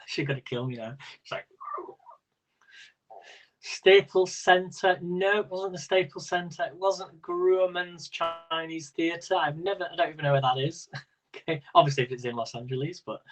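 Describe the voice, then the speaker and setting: A man's voice: fairly high pitch, moderate pace, bright, forceful tone, low-quality recording. Chatty man hosting a quiz. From Britain. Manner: chatty and rambling, laughs often. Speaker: quiz host. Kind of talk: casual live-stream quiz hosting.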